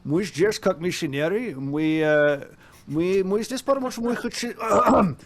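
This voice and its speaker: A man doing a smooth, mock-suave Connery-style voice that slurs its words in a lazy drawl. The voice sits higher and louder than his own casual talk. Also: lively intonation, fast talker. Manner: slurry Scottish-tinged, mock-suave. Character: man doing a Sean Connery impression in Russian. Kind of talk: comic impression in a podcast anecdote.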